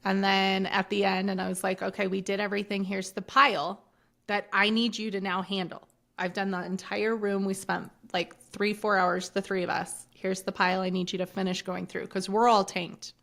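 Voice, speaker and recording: Middle-aged woman guest, gravelly voice, blunt swearing storyteller, plays out the back and forth. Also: medium pitch, moderate pace. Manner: blunt and animated, swears freely, acts out quoted dialogue. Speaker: podcast guest. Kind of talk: candid storytelling in conversation.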